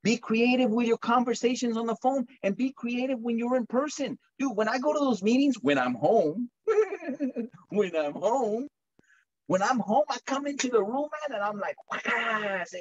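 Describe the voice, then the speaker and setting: A high, husky man's voice coming through a slightly muffled video call. He gives an energetic motivational pep talk, jumping into quick acted-out chats with customers. The sound is dull and lo-fi. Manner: animated, acts out customer chats in bursts. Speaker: solar sales trainer.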